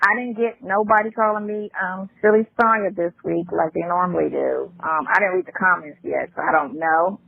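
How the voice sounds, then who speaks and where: Husky woman over a tinny phone line. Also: lowish voice, steady tone, moderate pace, few pauses, no room sound. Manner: chatty, defensive. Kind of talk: casual chat on a call.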